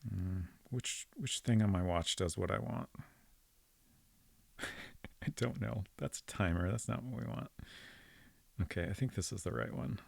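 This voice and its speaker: A man with a gravelly, lowish voice takes his time streaming an old detective game, pausing often as he thinks aloud. His commentary is casual and wandering, peppered with ums, and the audio has no echo.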